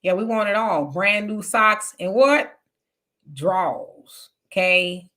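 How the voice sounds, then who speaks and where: A woman chats loosely on a live stream, her voice bright and forward. She reads viewer comments aloud and fires back frank, offhand replies. Her pitch sits in a middle range. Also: slow. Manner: candid, conversational, reads comments aloud with asides. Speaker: live show host.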